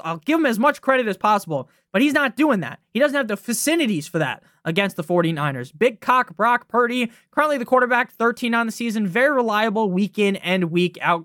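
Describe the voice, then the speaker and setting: A man's voice: high voice, pushed and bright, no room sound, clean studio sound. Brash profane young male podcaster. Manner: brash, swearing, fast-talking, often asks "right?". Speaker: fantasy football podcast host. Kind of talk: profane casual sports rant.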